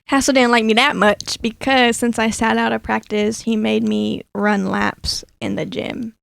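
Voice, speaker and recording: Gravelly young woman telling a story. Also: fairly high pitch, unhurried, no room sound. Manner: animated storyteller, says "bro" often. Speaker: podcast co-host. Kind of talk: casual chat.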